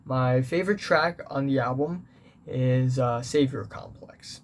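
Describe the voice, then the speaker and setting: A man reviewing a music album in a casual, earnest way, pausing often with fillers and restarts. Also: mid-range voice.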